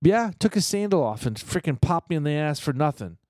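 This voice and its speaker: A man's voice: a little high, big pitch swings, brisk, darkish tone, no room sound, clean studio sound. Rambling, swearing man telling stories. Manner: rambling storyteller, swears casually, many restarts. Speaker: podcast co-host. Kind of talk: casual chat.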